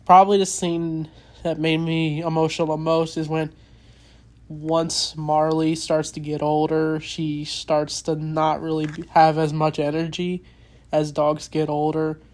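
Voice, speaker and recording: A movie reviewer in a casual spoken review, earnest and openly emotional, halting with many restarts and fillers. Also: mid-range voice, completely flat delivery, darkish tone.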